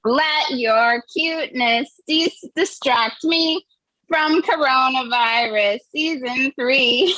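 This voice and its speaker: Bright high-voiced woman comic. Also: slow, no echo, poor audio. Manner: chatty, giggly, self-deprecating asides. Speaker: comedian. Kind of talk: comedic song parody over video call.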